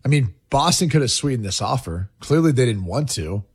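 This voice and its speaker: A man's voice: medium pitch, lively intonation, fairly quick, husky. A man in casual sports debate, pushing back with pointed questions.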